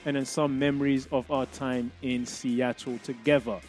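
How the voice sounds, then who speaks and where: A man in his thirties hosting a sports talk show, talking upbeat and energetic to his audience. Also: mid-range voice, unhurried, few pauses, soft background music. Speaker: show host and former player.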